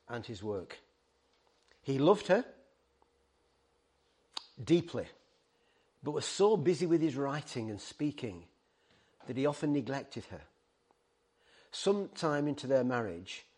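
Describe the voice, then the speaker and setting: A man's voice: medium pitch, a little mellow. A middle-aged man preaching a sermon, earnest and pleading, stumbling over words and restarting. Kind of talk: sermon to a ministry team.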